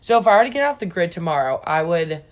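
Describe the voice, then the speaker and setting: A woman's voice: fairly low pitch, sing-song, quick pace. A young woman co-hosting in casual chat, rambling and laughing often.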